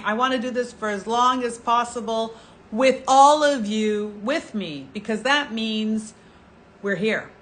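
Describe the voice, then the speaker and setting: A middle-aged woman presenting skincare products in a live home-shopping show, with an enthusiastic, chatty sales pitch. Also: fairly bright tone, slight background noise. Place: TV shopping studio.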